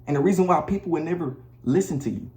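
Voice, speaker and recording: A man's voice: a little high, fast, a little mellow, roomy sound. A man giving blunt, preachy relationship advice to the camera in a casual monologue, talking in slang and often repeating himself. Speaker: vlogger. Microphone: camera mic.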